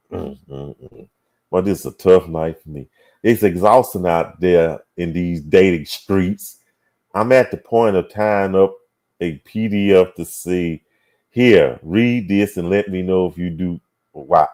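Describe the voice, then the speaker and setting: A man's voice: low-pitched, a little mellow. A man hosting a casual talk show, reading viewer comments aloud and musing on them with hums and sighs. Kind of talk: casual livestream chat.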